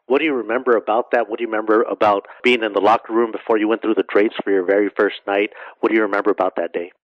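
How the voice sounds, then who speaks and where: A man's voice: on the low side, steady tone, racing, dry recording. A man hosting a radio interview, asking long, winding questions full of fillers. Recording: dull, muffled radio audio.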